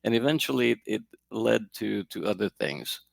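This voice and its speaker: A man with a very deep, gravelly voice answers interview questions. He tells his story in a reflective, meandering way. His voice sounds dry and close, with no room echo. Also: animated, moderate pace. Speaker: guest, energy healer.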